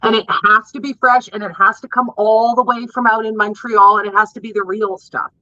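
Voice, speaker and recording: A woman's voice: fairly high pitch, fairly even intonation, brisk, bright, forceful tone, no room sound, muffled recording. A Canadian woman with a Canadian accent, hosting a casual chat and talking in a gushing, emphatic way. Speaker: host.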